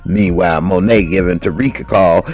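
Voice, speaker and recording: Deep-voiced man doing slangy episode recaps. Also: normal speed, soft background music. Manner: slangy, animated storytelling that acts out character lines. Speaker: TV recap host.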